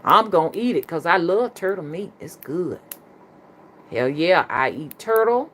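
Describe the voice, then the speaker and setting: A middle-aged woman with a Southern US accent talks to her viewers in a low, earthy voice. She tells her stories in a colloquial, chatty way and keeps calling the audience "y'all." A faint hum of background noise sits under her speech. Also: animated, unhurried, fairly bright tone. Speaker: spiritual reader and rootworker. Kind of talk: casual storytelling to viewers.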